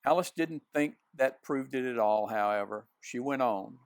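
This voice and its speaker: Gravelly man reading a storybook aloud. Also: medium pitch, normal speed, dry recording. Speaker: reader. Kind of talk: reading a children's novel aloud.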